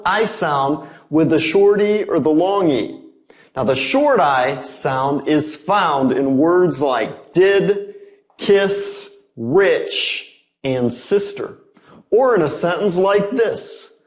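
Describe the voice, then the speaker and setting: A man teaching English pronunciation, speaking slowly and clearly as he models each word for learners. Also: fairly high pitch, darkish tone. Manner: upbeat, slow and deliberate, models words. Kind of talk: pronunciation lesson.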